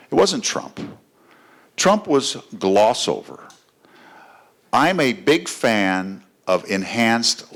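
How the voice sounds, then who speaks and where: Low-voiced man giving a campaign speech. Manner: conversational, anecdotal, with frequent fillers. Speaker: political candidate. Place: fundraiser gathering.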